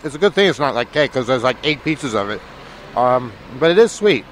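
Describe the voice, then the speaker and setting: This man's medium-pitched voice swings widely in pitch and runs a little fast as he co-hosts a casual chat full of jokes. He's on a hotel balcony above a busy street with traffic below, laughing a great deal.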